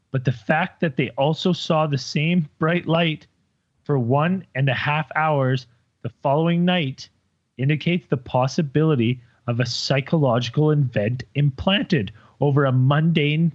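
In a muffled recording without echo, a podcast co-host with a slightly high voice reads stories aloud during a casual group chat. He rambles, stumbles over words, and cracks jokes.

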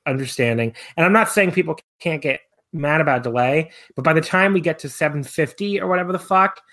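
A man's voice: on the high side, brisk, bright, forceful tone. A young man co-hosting a podcast in casual chat, rambling with many fillers and restarts. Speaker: podcast co-host.

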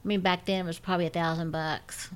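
A woman's voice: lowish voice, little pitch movement, fast, clean tone. A woman with a scratchy voice, co-hosting a podcast in casual, rambling chat. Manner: rambling, self-interrupting. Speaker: podcast co-host.

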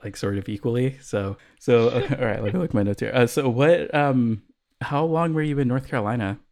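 A man's voice: medium pitch, fairly quick, gravelly, darkish tone. A man from the US hosting a casual podcast chat, laughing often and hesitating with ums as he asks questions. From United States. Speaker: podcast host.

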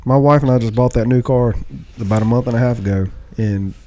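A man's voice: medium pitch, a little fast, warm tone. A married man co-hosting a podcast, talking casually in an earnest, rambling way with some swearing. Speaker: podcast co-host. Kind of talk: casual chat.

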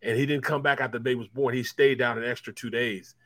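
A man's voice: mid-range voice, fairly even intonation, fast, a bit bright, dry recording. A man who used to play football, co-hosting a sports talk show and telling long rambling stories with lots of repeats. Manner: rambling storyteller, repeats himself. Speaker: co-host, former football player.

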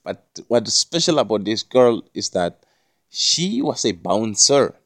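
A man with a somewhat low voice rambles through a solo podcast monologue, cursing freely and restarting his sentences. The sound is dry and close, with no room echo. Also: very animated, slow pace. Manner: rambling and profane, many restarts. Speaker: podcast host.

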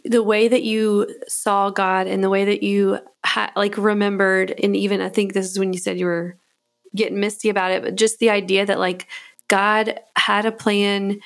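A woman's voice: mid-range voice, flat delivery, moderate pace. A woman host asking interview questions and affirming her guest in a casual way.

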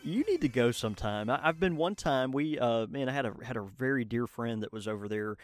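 An eager man talks casually as a podcast co-host. He sounds fired up and loose, circling back with restarts and fillers. His voice sits at a middling pitch and sounds dry and close, with no room sound around it. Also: expressive, a little fast, no room sound. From Southern United States. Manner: enthusiastic, many fillers and restarts. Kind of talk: casual chat.

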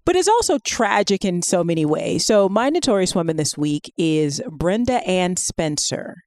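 A chatty woman co-hosting a podcast, with a fairly low voice. She talks loosely, full of fillers and quick asides. The sound is dry and close, with no room around it. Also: dry recording. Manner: chatty and animated, with many fillers. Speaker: podcast co-host. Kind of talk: casual podcast chat.

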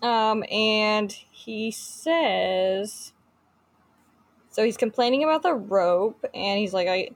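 A woman's voice: mid-range voice, slow pace. Chatty woman podcast co-host. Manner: chatty, with many fillers and restarts. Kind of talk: casual chat, reading book passages aloud.

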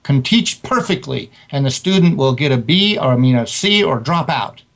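A man's voice: mid-range voice, expressive, normal speed, gravelly, a bit bright. A man who is an author and guest, telling motivational stories in an interview with emphatic delivery. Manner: emphatic, tells anecdotes with quoted dialogue.

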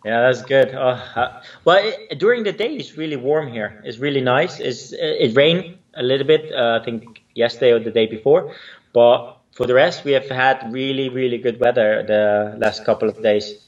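A man's voice: medium pitch, normal speed, distant mic, dull audio. A man born in Spain who speaks with a mixed Spanish and Dutch accent, a choreographer chatting as a guest, often searching for words with fillers. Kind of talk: casual interview chat.

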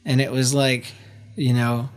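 A man's voice: mid-range voice, little pitch movement, unhurried. A man hosting a casual family video, chatting and teasing his child in a playful way, laughing often. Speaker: parent and video host.

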